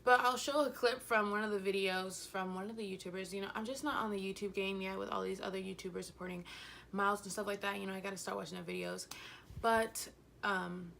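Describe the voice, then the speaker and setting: A woman's voice: mid-range voice, fairly even intonation, fast, creaky, fairly bright tone, slight background noise. A young woman telling a rambling, giggly storytime about a concert, a little out of breath, full of fillers. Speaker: vlogger. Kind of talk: casual storytime chat.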